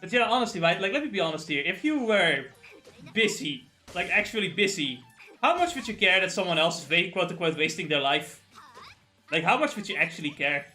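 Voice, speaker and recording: A man's voice: sits high, lively intonation, fairly quick, pushed and bright, faint music behind. A man hosting a livestream in casual chat, ranting animatedly and swearing freely. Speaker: streamer host.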